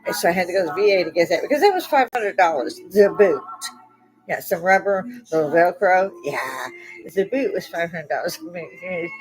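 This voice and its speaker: A woman's voice: medium pitch, rough recording. A blunt, profane woman telling a story in a casual live-stream chat, laughing often. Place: home bar. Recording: music behind voice. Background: music playing.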